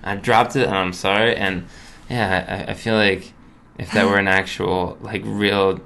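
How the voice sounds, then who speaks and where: Rambling gravelly-voiced man guest. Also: low voice, fairly even intonation, a little slow, bright, forceful tone. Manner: rambling storyteller, lots of fillers and laughs. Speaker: podcast guest, comedian. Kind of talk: casual chat.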